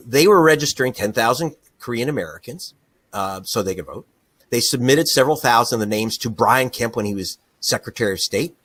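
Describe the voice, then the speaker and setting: A middle-aged man, an investigative journalist appearing as a guest, gives an animated interview full of passion and indignation, laughing often. His voice is medium-pitched with a sharp tone, and there's no echo.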